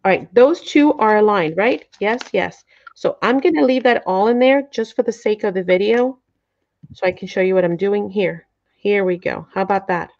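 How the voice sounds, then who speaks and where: A woman's voice: medium pitch, normal speed, a little mellow. A middle-aged woman hosting a live craft tutorial, chatty and a bit flustered, often checking in with her viewers. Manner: apologetic, flustered by the camera framing. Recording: dull lo-fi sound.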